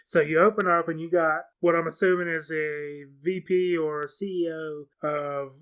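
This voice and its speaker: A man's voice: a little high, fairly even intonation, normal speed, fairly bright tone, clean tone. A man co-hosting a podcast, rambling casually through a film recap and swearing freely. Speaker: podcast co-host.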